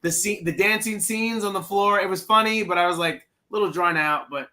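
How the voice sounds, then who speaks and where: A man co-hosting a casual movie review chat, animated and acting out scenes in little voices. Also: high voice, a little fast. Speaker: podcast co-host.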